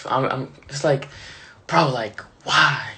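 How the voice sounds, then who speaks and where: Young man, Dominican, casual livestream host on a phone call; amused, easygoing, bright voice. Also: mid-range voice, slow pace. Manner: amused, laid-back. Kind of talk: casual live chat. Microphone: phone video call.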